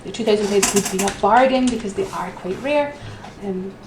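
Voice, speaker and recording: A woman's voice: mid-range voice, moderate pace. A woman hosting a live auction, chatty and giggly with frequent ums. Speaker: auction host. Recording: roomy echo with faint noise.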